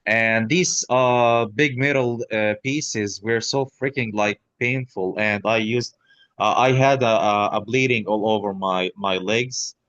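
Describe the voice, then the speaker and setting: Podcast guest: man in his thirties, halting and blunt, dry close recording. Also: on the low side, a bit bright, no room sound, highs cut off. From Gaza. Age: 30s. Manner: halting, many restarts, blunt swearing. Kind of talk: personal account in an interview.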